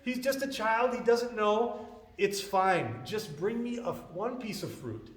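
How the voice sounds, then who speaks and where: A man voicing a flustered male Brahmin priest who cries out in alarm and then pleads gently. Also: sits high, expressive, slow pace, voice pushed up. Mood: pleading. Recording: echoey hall.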